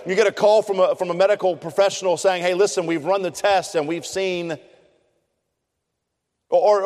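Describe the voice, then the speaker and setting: A man's voice: sits high, darkish tone. A middle-aged man preaching a sermon, telling a story in an earnest, conversational way. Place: chapel. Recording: long hall reverb.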